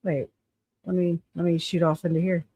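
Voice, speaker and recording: Hosting a live stream, this speaker chats casually and swears, laughing and thinking aloud while sifting through notes. The mid-pitched voice is level, breathy at the edges, and moves at a normal speed. The sound is dry and close-miked, with no room echo.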